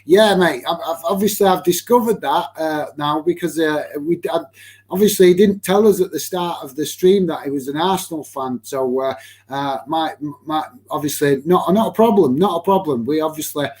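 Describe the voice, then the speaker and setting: A man's voice: fairly high pitch, moderate pace, a little mellow. A young man from Lancashire with a Lancashire accent, hosting a football watch-along stream and chatting casually with viewers in the chat, full of fillers and restarts, calling everyone mate. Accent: Lancashire English. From Lancashire, England. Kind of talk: casual live-stream chat reading comments.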